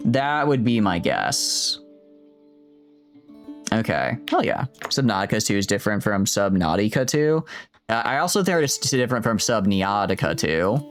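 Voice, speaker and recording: Low-voiced man rambling over game music. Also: sing-song, moderate pace. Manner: rambling, jokey, talks to chat. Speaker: streamer. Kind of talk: casual gameplay commentary.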